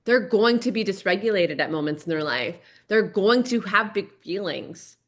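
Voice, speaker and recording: A woman's voice: medium pitch, animated, moderate pace. A woman hosting a parenting podcast solo, earnest and repetitive, often checking in with "right?". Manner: earnest, repeats key points, frequent "right?".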